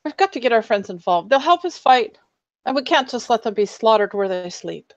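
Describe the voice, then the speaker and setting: A woman voicing an eager young female adventurer from the local area, who speaks with urgent excitement. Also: on the high side, a little fast, no room sound, highs cut off.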